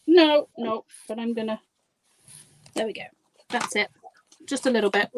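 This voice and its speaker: In a dry, rough recording, a woman with a slightly high voice and moderate pace demonstrates a craft project live as a guest. Giggly and talkative, she makes self-deprecating jokes as she goes.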